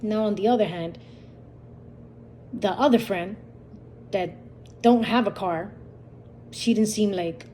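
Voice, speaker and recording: A woman with a mellow, warm voice tells a story from a dream in a loose, repetitive way, slipping into the quoted lines of the people in it. Her pitch sits in the middle range. A faint hiss runs under the recording. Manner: rambling, repetitive retelling with quoted dialogue. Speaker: channel host. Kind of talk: casual storytelling about a dream.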